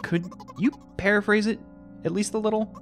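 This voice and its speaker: A young man reading a text game aloud with playful commentary, jumping between squeaky high and low reading voices. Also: steady tone, brisk, fairly bright tone, soft background music.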